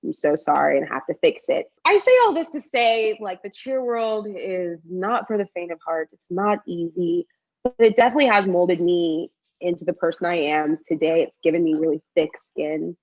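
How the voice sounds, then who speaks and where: Young woman, texan accent, chatty storyteller, lowish voice, muffled lo-fi audio. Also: moderate pace. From Texas. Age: 20s. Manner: chatty, animated storyteller, quotes herself often. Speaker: guest, cheerleading coach. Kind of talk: casual podcast interview.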